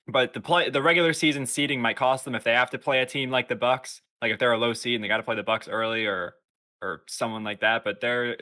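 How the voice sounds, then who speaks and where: A young man co-hosting a casual podcast, giving a measured breakdown of a basketball question. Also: fairly low pitch, sharp tone. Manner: measured sports analysis. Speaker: podcast co-host. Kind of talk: casual chat.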